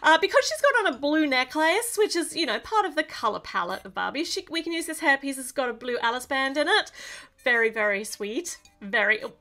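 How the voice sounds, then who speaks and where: A woman's voice: high-pitched, lively intonation, a little fast, bright, forceful tone, faint music behind. A woman chatting playfully and mocking herself as she builds LEGO toys for her vlog. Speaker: LEGO hobby vlogger. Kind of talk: casual crafting vlog.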